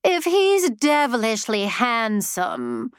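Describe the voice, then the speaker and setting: A woman voicing a haughty young female ghost with a high-pitched, nasal voice and a scornful manner. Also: wildly swooping pitch, slow, clean tone, no echo, clean studio sound, exaggerated voice.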